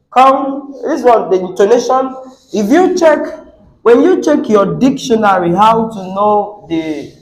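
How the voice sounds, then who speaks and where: A man teaching an English class on word stress, asking students questions and repeating words with the stress moved around. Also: high voice. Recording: echoey classroom.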